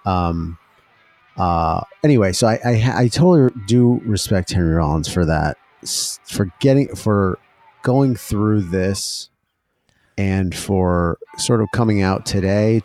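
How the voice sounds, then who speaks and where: A man's voice: low-pitched, darkish tone. A man co-hosting a podcast in loose, enthusiastic casual chat, swearing now and then. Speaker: podcast co-host. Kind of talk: casual chat about music.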